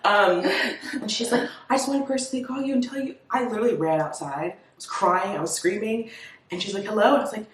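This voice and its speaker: A woman in her twenties, a medical student telling a story to friends in a lively way, laughing as she talks. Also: medium pitch, fast. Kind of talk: casual chat. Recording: echoey room, distant from mic.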